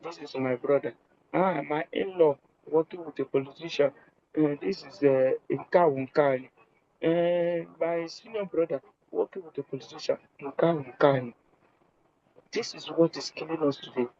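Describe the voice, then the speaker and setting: Man, gravelly, hesitant, repetitive, muffled phone line, faint background noise. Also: moderate pace, a little mellow. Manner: hesitant, apologetic, repeats himself; speaks low at first, in a public place. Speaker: caller. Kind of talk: live audio-room call. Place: public place.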